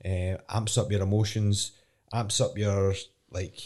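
Young Scottish fighter, lowish voice, frank and meandering in a sit-down interview. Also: male voice, flat delivery, measured pace, a little mellow. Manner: candid, rambling, swears casually. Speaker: professional fighter. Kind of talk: casual interview chat.

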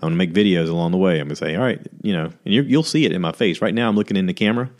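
Here a man speaks very fast in a low, somewhat mellow voice. Hosting his own podcast solo, he chats casually and candidly, wandering a bit and poking fun at himself.

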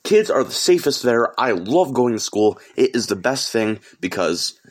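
A man's voice: mid-range voice, sing-song, unhurried. A teenage boy from upstate New York hosting a solo podcast, delivering an angry, profane, rambling rant. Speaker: podcast host.

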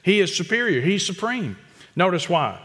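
A man preaching an expository sermon, emphatic and repetitive, with quick asides to the congregation. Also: high voice, very animated, bright, forceful tone, big-room sound. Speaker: pastor.

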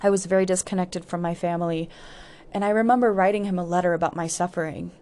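A woman's voice: fairly low pitch, fairly even intonation, fast, darkish tone. A woman hosting a podcast, telling a candid personal story in a reflective way, with frequent "like" fillers. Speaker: podcast host. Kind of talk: personal storytelling about healing.

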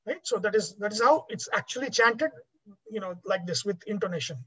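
A woman's voice: medium pitch, animated, fairly quick, sharp tone, breathy edge, poor audio. A woman teaching a class on Vedic chanting, explaining patiently with many fillers.

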